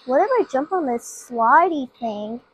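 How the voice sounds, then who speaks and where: A woman's voice: high voice, animated, a little slow, a little hiss or hum. A woman giving casual, playful gameplay commentary, chatting to her viewers as she plays. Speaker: gaming channel host.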